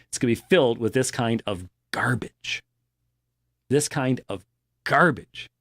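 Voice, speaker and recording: A middle-aged man giving critical commentary with a lively, swooping pitch that jumps high for emphasis. He reads quotes aloud and knocks them down with a scornful, emphatic delivery. His voice sits slightly high for a man, and the sound is dry and close. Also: no echo. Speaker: host reviewing an article.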